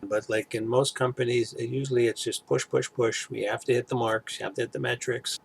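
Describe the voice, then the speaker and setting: A middle-aged man chats to camera at an average pitch. His voice has a gravelly edge. He rambles and restarts often, filling pauses with hesitant fillers. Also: steady tone. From Toronto area, Canada. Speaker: vlogger. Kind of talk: casual chat to camera.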